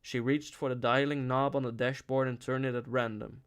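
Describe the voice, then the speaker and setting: A man reading a novel aloud in a steady, mid-pitched voice. He restarts a word now and then. The pace stays even throughout. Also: a little slow, hardly any pauses, clean tone. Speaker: audiobook reader. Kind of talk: unscripted-feel audiobook narration.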